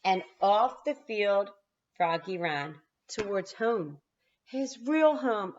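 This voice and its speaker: A kindergarten teacher reading a picture book aloud to her class, animated and talking straight to the children. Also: mid-range voice, slow pace, muffled recording. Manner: animated, talks straight to the kids.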